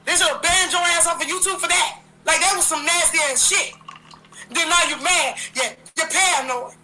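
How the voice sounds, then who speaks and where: A woman's voice: extremely high pitch, moderate pace, noisy background. A woman hosting a livestream, delivering a heated, profane, confrontational rant full of repeated jabs. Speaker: livestream host.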